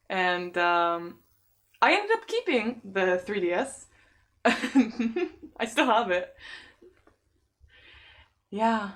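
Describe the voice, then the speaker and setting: A woman's voice: mid-range voice, takes it slowly, long pauses. A young woman from San Diego, chatting casually on a live stream, telling stories with lots of laughter and acted-out dialogue. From San Diego, USA. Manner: chatty storytelling, laughs often, lively quoted dialogue. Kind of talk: casual chat.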